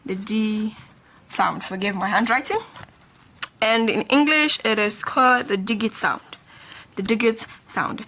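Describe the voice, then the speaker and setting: A woman's voice: medium pitch, a little slow, bright, forceful tone, slight background noise. Patient woman teaching letter sounds. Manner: patient, repeats each sound many times. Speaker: Korean teacher. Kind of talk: beginner language lesson, explaining stroke order.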